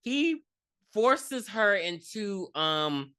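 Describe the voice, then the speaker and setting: Animated, profane woman recapping a movie. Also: medium pitch, drawn-out words. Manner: profane, animated, acts out characters in her retelling. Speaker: podcast co-host. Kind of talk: casual movie recap chat.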